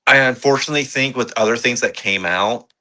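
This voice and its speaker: A man co-hosting a podcast, reviewing movies in casual, excitable chat, swearing freely and rambling with fillers. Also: mid-range voice, fairly quick. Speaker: podcast co-host.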